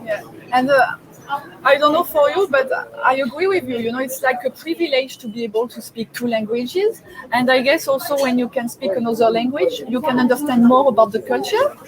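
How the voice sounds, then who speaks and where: A woman's voice: high-pitched, fairly quick, a crowd in the background, poor audio. A French woman hosting a casual webinar chat in English with a French accent, chatty and hunting for words as she asks her guest questions. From France. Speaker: host. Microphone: video call.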